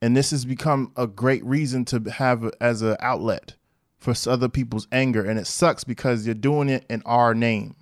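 A man's voice: medium pitch, normal speed, dry recording, clean studio sound. Man telling a story on his podcast. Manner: animated storytelling with slang and asides. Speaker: podcast host. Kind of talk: casual monologue.

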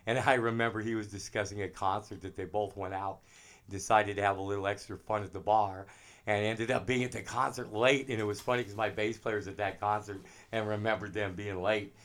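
Middle-aged male drummer, low-ish voice, animated casual storyteller. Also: a little fast. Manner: animated anecdotes with laughs. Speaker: drummer guest.

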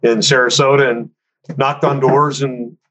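A man casually telling a story from his career, animated and conversational, acting out what other people said. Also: medium pitch, measured pace, poor audio. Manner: animated, acts out other people's lines in a raised voice; conversational, frequent fillers like "you know" and "man".

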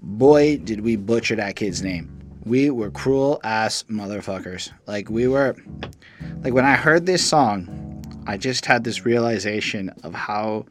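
A man's voice: lowish voice, unhurried, a bit bright. A man in his thirties co-hosting a music review podcast, talking in a candid, profane and reflective way. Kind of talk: casual chat.

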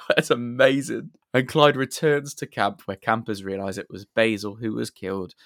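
A man's voice: medium pitch, fairly even intonation, moderate pace, hardly any pauses, a bit bright, dry recording, studio quality. A man hosting a casual podcast, laughing often and restarting his sentences. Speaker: podcast host.

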